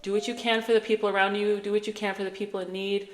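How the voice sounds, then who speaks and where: A woman's voice: medium pitch, level tone, fast. A woman giving spiritual guidance in a casual, earnest, reassuring way, talking straight to her listeners. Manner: earnest, conversational, reassuring, with fillers and asides. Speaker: spiritual channeler. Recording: echoey room with long reverb.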